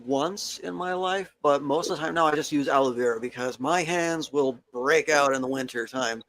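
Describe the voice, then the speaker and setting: A soft-spoken man chatting casually in podcast banter. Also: on the high side, moderate pace, rough recording.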